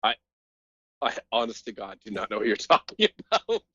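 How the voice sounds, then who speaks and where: Chatty podcast host, muffled dry sound. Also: male voice, fairly low pitch, very animated, a little fast, pushed and bright, slightly rough, dry recording. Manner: laughs a lot, asks questions. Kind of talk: casual chat.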